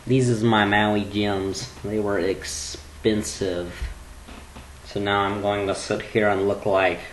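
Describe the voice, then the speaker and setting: A man rambling goofily in a webcam vlog at home at his computer, jumping between low mumbling and sudden squeals. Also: little pitch movement, slow pace, slight background noise, low-quality recording. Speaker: vlogger.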